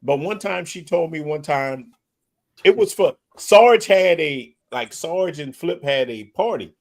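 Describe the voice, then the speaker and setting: High-voiced man telling stories. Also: lively intonation, a little slow, gravelly, darkish tone. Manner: laughing storyteller, slips into mimicked voices. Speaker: livestream host. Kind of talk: casual chat.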